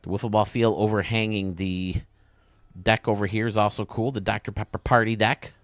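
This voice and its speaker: A young man with a lowish voice talks through game footage with casual enthusiasm. He sounds close to the mic in a dry, dead room. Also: flat delivery, dry recording. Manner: enthusiastic and casual, quick praise. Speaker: host. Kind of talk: video game commentary.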